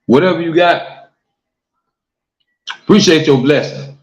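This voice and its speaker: Speaking at a measured pace in a voice on the high side, this livestream talk show host reads comments and preaches earnestly, peppering in "man" and "y'all." The livestream mic picks up an echoey room, and the stream audio is dull and lo-fi.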